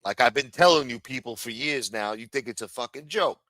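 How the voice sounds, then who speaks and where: A crude, sarcastic livestream host from New rambles through his rants. His tone is sharp and bright, and his voice sounds close and dry. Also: mid-range voice, lively intonation, fairly quick, dry recording. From New York. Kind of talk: profane ranting livestream chat.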